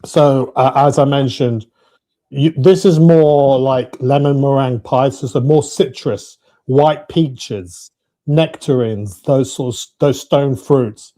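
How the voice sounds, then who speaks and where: A man's voice: mid-range voice, fairly even intonation, slow, dark tone. A man from the UK chatting casually on a call, explaining wine tasting notes with many fillers and restarts. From United Kingdom. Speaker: guest on a watch talk show. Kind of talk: casual chat on a video call.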